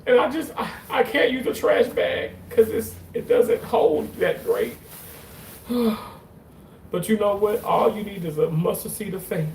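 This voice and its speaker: This clip is a livestreamer's comic rant, full of jokes, free swearing, and pretend weeping. The mid-range voice is unhurried and slightly mellow, picked up from a distance in a roomy space with a faint hiss or hum.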